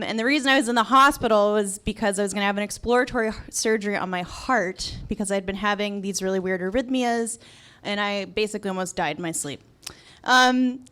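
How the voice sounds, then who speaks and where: A woman's voice: medium pitch, a bit bright, clean tone. A young adult woman telling a personal story at a live event in a restaurant, candid and wry with a sarcastic edge.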